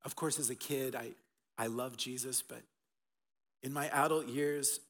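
Emphatic pastor in a reverberant hall. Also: male voice, mid-range voice, fairly even intonation, unhurried. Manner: emphatic, swinging between loud bursts and soft hushed passages. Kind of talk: Easter sermon. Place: church auditorium. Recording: long reverb of a large hall.

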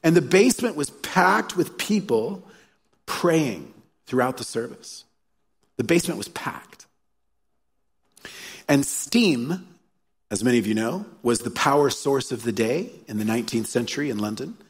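Husky guy preaching a sermon, earnest storyteller, big echoey church hall. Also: medium pitch, expressive, unhurried. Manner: earnest, storytelling, repeats key phrases. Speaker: pastor. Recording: live sermon in a reverberant hall.

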